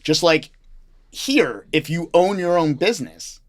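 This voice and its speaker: Chef guy on a podcast, blunt, fired up, a bit high, swears a lot. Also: a little slow. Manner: animated, blunt, swears freely. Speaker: chef and restaurant owner, podcast guest. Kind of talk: casual interview chat.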